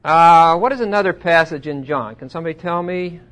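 A man teaching a Bible study in a conversational way, asking his listeners questions and getting louder when he quotes scripture. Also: fairly high pitch, fairly quick. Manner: asks the audience questions.

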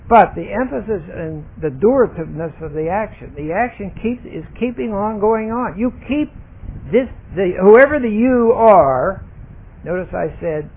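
High-pitched guy teaching bible grammar, leans on single words, sounds like it's over a phone line. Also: breathy edge. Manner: deliberate, stresses single words while explaining grammar. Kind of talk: verse-by-verse Bible study lesson. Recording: tinny phone-like recording.

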